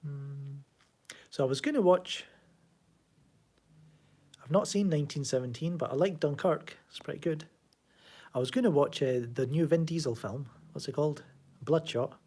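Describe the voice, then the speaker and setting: A man's voice: on the high side, moderate pace, pauses often, mellow, slightly rough. A man with a Glaswegian Scottish accent chatting casually and sardonically on a live stream from his home, answering chat. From Scotland. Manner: rambling, sardonic, reads chat aloud. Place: home room.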